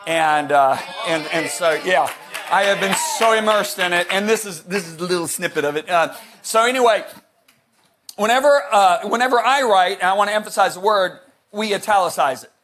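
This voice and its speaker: A man preaching a sermon, animated and joking, shouting some words for emphasis and rambling with restarts. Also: high-pitched, normal speed, slight background noise. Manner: rambling with restarts, jokey asides.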